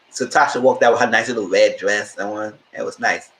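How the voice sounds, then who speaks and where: A man giving a casual live stream recap of a TV show, retelling scenes in a lively way and acting out what the characters say. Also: lowish voice, brisk, reverberant, slight background noise. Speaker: TV show reviewer.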